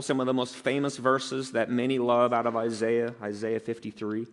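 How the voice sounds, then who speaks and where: A man's voice: mid-range voice, completely flat delivery, normal speed, hardly any pauses. A man preaching an earnest, emphatic expository sermon as pastor. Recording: long reverb of a large hall.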